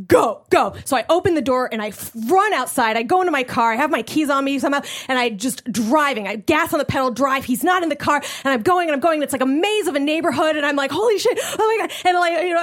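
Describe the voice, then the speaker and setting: A woman comedian with a high voice tells a story with animated energy, often breaking into laughter. She is performing at a live show. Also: quick pace, hardly any pauses. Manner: animated, laughing through the telling. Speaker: guest comedian.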